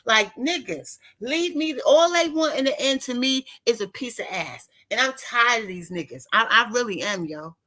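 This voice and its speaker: High, bright-voiced fifties woman ranting. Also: lively intonation, moderate pace, few pauses. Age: 50s. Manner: profane, blunt and indignant. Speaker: vlogger talking to her live viewers. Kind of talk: casual ranting monologue.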